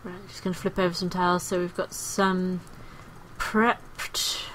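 A woman's voice: on the low side, flat delivery, measured pace, fairly bright tone, a little hiss or hum, low-quality recording. A woman playing a video game and commentating casually, chatty and playful with frequent exclamations. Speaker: gaming video host.

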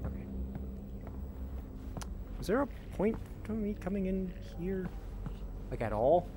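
A man's voice: high voice, sing-song, a little slow, background noise. A man casually commenting on his own gameplay in a chatty, self-mocking way. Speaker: game streamer.

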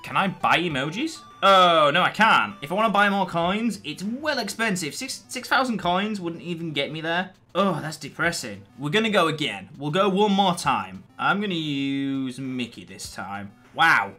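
Excitable young man, bright lively voice. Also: on the high side, soft background music. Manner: chatty, self-mocking, excitable when rushed. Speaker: gaming channel host. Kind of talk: mobile gameplay commentary.

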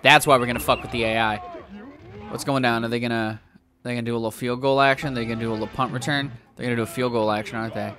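Young man, let's play commentator, bright tone, profane and excitable, music bed under him. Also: mid-range voice, very fast. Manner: excitable, profane, yells at the game. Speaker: gaming YouTuber.

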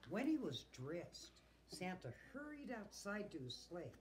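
A teacher reads a picture book aloud to children, expressive and chatty with her listeners. Her pitch swings lively over a slow, careful pace. A faint hum of room noise sits behind her. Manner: expressive, asks the listeners questions.

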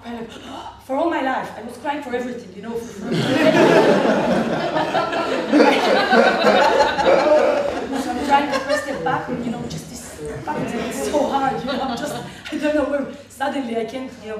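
A woman medical clown with an Israeli accent telling a personal story to a panel audience, animated, with frequent laughter and halting restarts. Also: on the high side, a crowd in the background. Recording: echoey hall, distant mic, audience noise.

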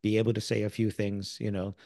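An American man, middle-aged, speaking as an interview guest and sales author, telling lively stories and acting out the people he quotes. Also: lowish voice, fast talker, vocal fry, no room sound, clean studio sound. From United States. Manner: animated storyteller who acts out quoted people. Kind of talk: casual interview storytelling.

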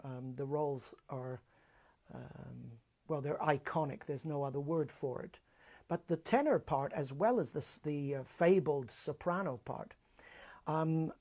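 A middle-aged man hosting a music series, explaining an opera thoughtfully with frequent pauses and restarts. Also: a little high, darkish tone. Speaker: music director and host.

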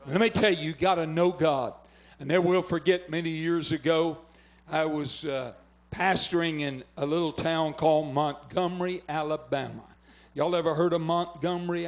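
An older man from Oklahoma, a pastor preaching fervently at a revival and telling a story. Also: a little high. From southwestern Oklahoma. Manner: fervent preaching, urging callers to phone in. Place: revival tent.

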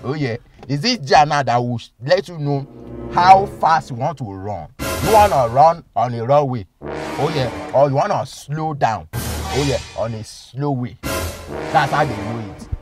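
Boastful Nigerian man with lively pitch. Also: unhurried, over music. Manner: boastful, mixes pidgin and English, laughs often. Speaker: comic driving instructor. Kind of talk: comedy skit.

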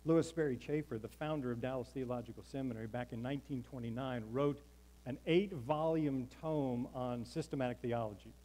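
A pastor preaches a sermon from the pulpit of a church sanctuary, his voice at an ordinary middle pitch for a man, dark in tone and fairly quick. He is emphatic and rhythmic, leaning on repeated lines and calling out to the congregation for an answer. The recording is rough.

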